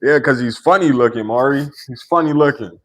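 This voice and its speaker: Speaking fairly quickly in a mid-range voice, this male livestream host keeps things casual with his chat. He laughs a lot, stays relaxed, and keeps ending lines with "right?"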